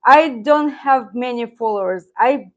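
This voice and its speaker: A woman's voice: a little high, a little slow. A middle-aged woman with a Russian accent, a native Russian speaker, chatting casually on a live stream, rambling, reading viewer comments and laughing often. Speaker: channel host, Russian teacher.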